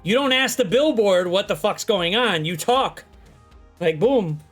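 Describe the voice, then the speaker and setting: High-voiced man telling animated stories. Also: measured pace, soft background music. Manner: animated, profane storytelling. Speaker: host. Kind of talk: casual chat.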